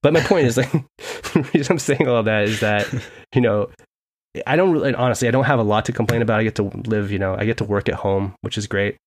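A young man co-hosting a casual sports podcast from home, telling animated stories and laughing often. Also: on the low side, quick pace. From United States. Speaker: podcast co-host.

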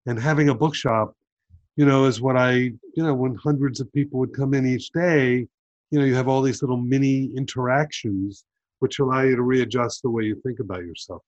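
A man's voice: mid-range voice, steady tone, normal speed, no echo, lo-fi sound. A man interviewing an author, speaking in a reflective, thoughtful way. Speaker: interviewer and bookshop owner. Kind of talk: conversational interview.

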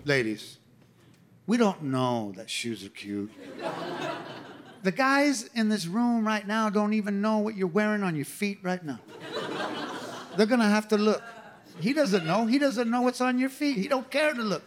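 A man's voice: sits high, expressive, unhurried, long pauses. A middle-aged man from New Mexico doing a punchy, conversational stand-up set. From New Mexico, USA. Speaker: stand-up comedian. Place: comedy club stage. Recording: live club with loud crowd laughter.

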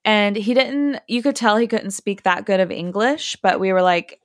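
A woman hosting a podcast, telling a story casually and acting out the quotes in hushed or high voices. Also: normal speed, no echo, clean studio sound. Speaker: podcast host.

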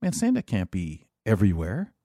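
A man co-hosting a talk show, speaking in an earnest, halting way and often repeating words as he starts a thought. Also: lowish voice, wildly swooping pitch, dark tone, no room sound, studio quality. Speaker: co-host. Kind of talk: casual chat.

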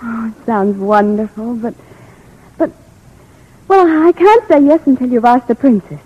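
An actress playing a young rich heiress who hid her wealth, in a 1940s radio drama, breathy and soft, on a lo-fi old radio broadcast. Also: on the high side, lively intonation, a little slow. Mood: tender. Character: young rich heiress posing as poor woman.

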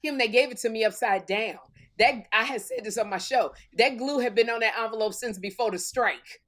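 Teasing high-voiced woman co-host. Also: a little fast. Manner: teasing, animated storyteller. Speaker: podcast co-host. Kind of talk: casual comedic chat.

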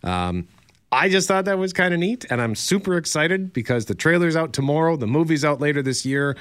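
A man's voice: fairly high pitch, animated, fairly quick, a bit bright, smooth, dry recording. A male radio co-host chatting casually and enthusiastically, rambling a little as he geeks out.

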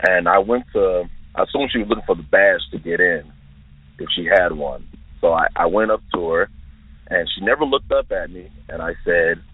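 Man in his twenties with a low, raspy voice, earnestly telling his own eerie encounter over a thin phone line. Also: moderate pace, no echo. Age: 20s. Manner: careful, detailed, earnest storytelling. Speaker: listener sharing an encounter. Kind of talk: recounting a personal eerie experience. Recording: tinny dry phone-line recording.

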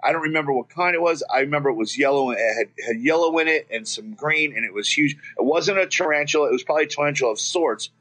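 A man's voice: fairly high pitch, fast, few pauses, fairly bright tone. A man from Florida telling a childhood story as a guest, rambling and swearing, with many restarts. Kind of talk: casual storytelling.

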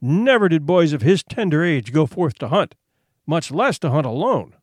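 A man narrating a story aloud in an expressive storytelling manner. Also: a little high, moderate pace, no echo, clean studio sound. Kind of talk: audiobook narration.

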